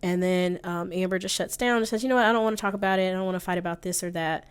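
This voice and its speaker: A woman therapist talks through recorded clips in a conversational commentary. Her voice sits a little on the low side, and she quotes lines and calls out timestamps as she goes. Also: fairly even intonation, racing, smooth. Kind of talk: commentary analyzing audio clips.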